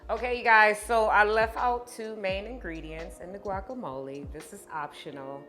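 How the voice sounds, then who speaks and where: A woman's voice: mid-range voice, normal speed. A woman hosting a home cooking tutorial, chatting playfully and speaking straight to her viewers. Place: home kitchen. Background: music.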